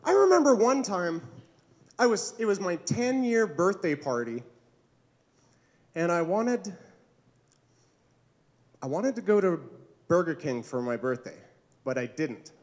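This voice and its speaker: A man performing stand-up in a comedy club, telling his jokes at an unhurried, deliberate pace. His pitch sits high and jumps around a lot, and he comes across as awkward and self-deprecating. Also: sing-song.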